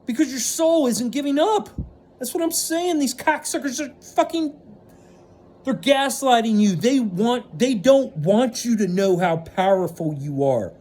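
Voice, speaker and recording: A man in an unscripted vlog monologue, ranting with lots of swearing and swinging between loud outbursts and hushed stretches. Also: very high-pitched, animated, measured pace. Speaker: vlogger.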